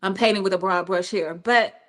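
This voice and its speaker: A woman pastor giving a conversational, animated sermon with chatty asides. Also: mid-range voice, fairly quick.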